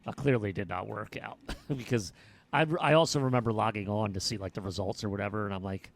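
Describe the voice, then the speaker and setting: A man's voice: on the low side, fast. A man co-hosting a podcast in laid-back, chuckling casual chat. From United States. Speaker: podcast co-host.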